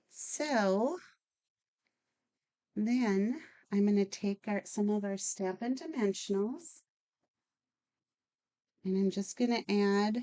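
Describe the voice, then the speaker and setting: A woman's voice: mid-range voice, warm tone. A woman hosting a casual card-making tutorial, chatty and enthusiastic as she works. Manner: chatty, enthusiastic, talks while working. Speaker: craft channel host.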